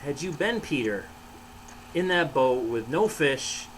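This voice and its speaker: A pastor reading a children's story aloud in the first person, expressive and sometimes hushed, and speaking directly to children. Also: male voice, medium pitch, slow pace, a little hiss or hum, low-quality recording.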